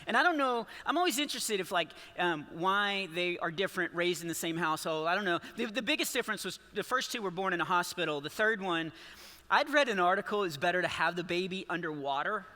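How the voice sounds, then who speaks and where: Bright, high-voiced man doing church stand-up. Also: animated, fast. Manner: rambling, self-interrupting, chuckling storyteller. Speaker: stand-up comedian. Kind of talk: stand-up comedy set at a church service. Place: large church auditorium. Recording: long hall reverb.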